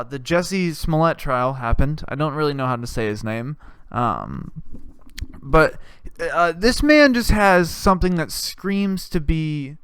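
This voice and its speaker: A man's voice: on the high side, a bit bright, clean tone, no echo. A man hosting a comedy podcast, talking in a rambling, crude and sarcastic monologue full of swearing. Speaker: podcast host.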